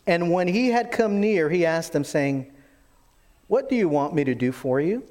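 A man preaching a sermon, animated in his storytelling and acting out the quoted voices. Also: a little high, normal speed. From lived in Texas. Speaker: pastor.

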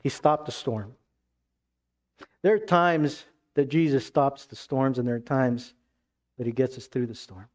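A man preaching a sermon as pastor, emphatic, then dropping to hushed tones. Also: medium pitch, unhurried, pauses often.

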